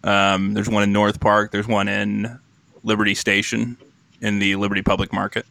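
A man's voice: fairly low pitch, monotone, moderate pace, creaky, bright, forceful tone, no echo. A man co-hosting a casual podcast, talking in a rambling, laid-back, self-deprecating way. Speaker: podcast co-host.

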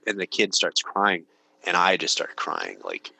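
A man in his thirties with a low but bright, forward voice tells stories earnestly. He rambles as he talks and leans on "like" over and over. He sounds like a guest in a casual podcast conversation. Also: very animated, measured pace, gravelly, no echo, low-quality recording. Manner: earnest, rambling storyteller, heavy use of "like".

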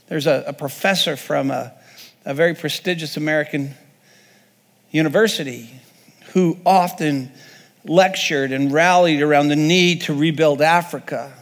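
A male pastor delivers a sermon in an earnest, unpolished way, often restarting and repeating words mid-thought. His voice sits a little high for a man. A long reverb trails each phrase, as in a large church sanctuary. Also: unhurried.

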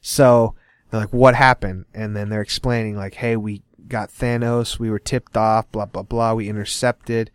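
Recapping a comic book on his podcast, a young male host speaks in a lowish voice at a moderate pace, barely pausing. He is animated and voices the characters' lines in this casual comics chat. His tone is clean, dry and free of room sound.

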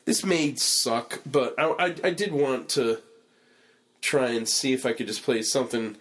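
A man's voice: mid-range voice, a little slow, breathy edge. A man hosting a podcast, telling stories in a casual, profane way with lots of fillers. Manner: animated, profane storytelling with many fillers. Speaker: podcast host. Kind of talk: casual chat.

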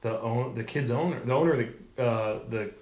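A man's voice: mid-range voice, fairly quick, a little mellow. Comedian guest, male, chatty storyteller with restarts, echoey room sound. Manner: storytelling with acted-out quotes and frequent restarts. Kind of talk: casual chat. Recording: roomy echo.

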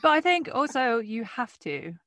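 A woman interviewing a guest, asking questions and backing him up as an unhurried, supportive listener. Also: fairly high pitch, sing-song, fairly bright tone. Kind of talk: conversational interview.

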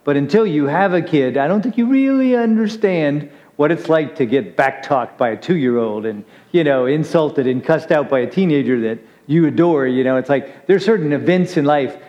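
A man's voice: a little high, expressive, moderate pace, few pauses. A middle-aged male pastor giving a chatty, joking sermon, teasing himself and his congregation. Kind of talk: conversational sermon. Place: church sanctuary. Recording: dull recording with long hall reverb.

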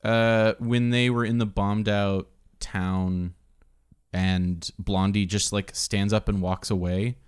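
A man co-hosting a casual film podcast, making dry jokes and calm points. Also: lowish voice, slow pace, clean tone. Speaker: podcast co-host.

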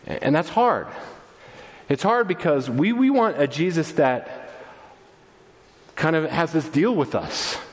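A man preaching a sermon, animated and conversational, acting out quoted voices as he tells the story. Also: a little high, slow, long pauses, in a large hall. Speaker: pastor.

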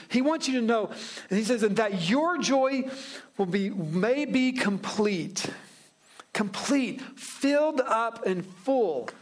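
A pastor preaching a sermon in a relaxed, joking way, slowing down to stress key phrases. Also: male voice, sits high. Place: church sanctuary.

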